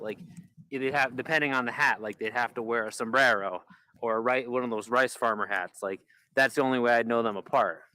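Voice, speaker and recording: A man's voice: mid-range voice, bright, forceful tone, dry recording, studio quality. A man live-streaming in rambling casual chat, full of "like" fillers and restarts. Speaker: livestreamer.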